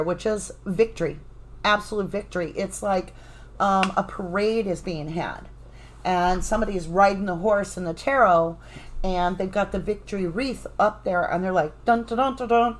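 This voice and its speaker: A woman's voice: on the low side, low-quality recording. A woman with a Southern US accent giving a live tarot reading, chatting affectionately with viewers and cheering them on. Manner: energetic cheerleading. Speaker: tarot reader.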